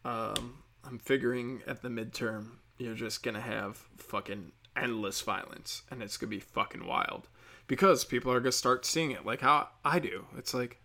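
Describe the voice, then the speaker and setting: A man's voice: mid-range voice, normal speed, creaky, sharp tone. A young man ranting bluntly and sarcastically, swearing often in casual talk. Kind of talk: casual political rant.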